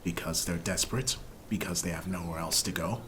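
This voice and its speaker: A man's voice: low voice, steady tone, fairly quick, fairly bright tone, a little hiss or hum. A man doing a hot-tempered horned female officer. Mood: cold firm. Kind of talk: voicing a character in a tabletop game.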